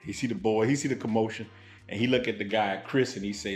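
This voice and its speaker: A man from Louisiana telling stories on his vlog in a blunt, animated, street-style way. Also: on the low side, quick pace, roomy sound, faint music behind. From Louisiana, United States. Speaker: vlogger. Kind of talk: storytelling vlog.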